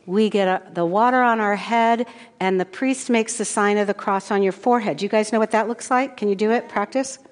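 A woman pastor giving a children's sermon, gently asking the kids questions. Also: medium pitch, a little fast. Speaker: pastor leading a children's message. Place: church sanctuary. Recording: long church reverb.

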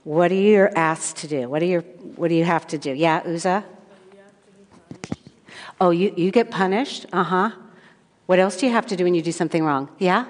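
Lowish-voiced woman leading a children's sermon. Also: normal speed, pauses often, in a large hall. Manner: asks children questions, playful storytelling.

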